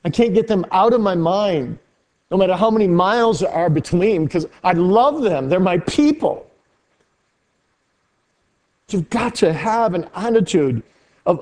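High-pitched preaching man, earnest and dynamic. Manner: earnest preaching with wide swings in pitch and loudness. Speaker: pastor. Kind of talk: sermon.

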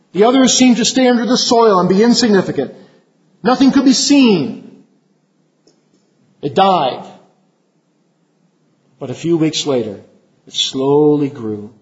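A man preaching a sermon to fellow ministers, earnest and measured, his voice sinking low at the end of phrases. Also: darkish tone. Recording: dull lo-fi recording.

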